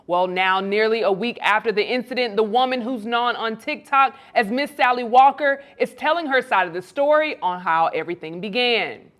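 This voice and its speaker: A woman hosting an entertainment news show, reading the story and then greeting her guest with excitement. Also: fairly high pitch. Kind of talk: scripted news read then interview.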